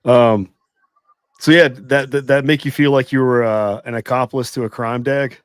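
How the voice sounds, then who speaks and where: A man's voice: medium pitch, fairly even intonation, normal speed, smooth, no echo. A man who grew up on a farm, co-hosting a casual talk stream with dry, teasing asides. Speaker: podcast co-host. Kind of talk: casual chat.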